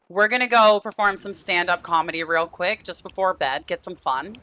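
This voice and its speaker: A woman's voice: lowish voice, normal speed, few pauses, sharp tone, no echo. A young woman streaming a life-sim game, chatting affectionately with viewers and her characters, losing her voice. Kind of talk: casual gameplay stream chat.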